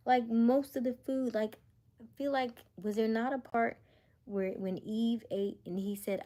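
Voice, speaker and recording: A woman's voice: fairly high pitch, moderate pace, dark tone. A woman hosting a casual livestream, chatting and musing aloud and dropping to a near-whisper when she reads comments. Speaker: livestream host.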